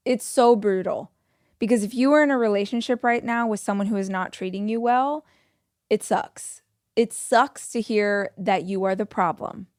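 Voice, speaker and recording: Woman podcast host, 40s, firm and emphatic motivational delivery, slightly high voice, dry close-mic sound. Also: no echo. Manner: firm, emphatic advice-giving with acted example lines.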